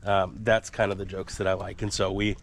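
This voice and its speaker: Low-pitched and level, this man talks a little quickly over a faint hiss or hum. He's a father hosting a family vlog outdoors on a rural homestead, narrating casually in a chatty, rambling, self-deprecating way.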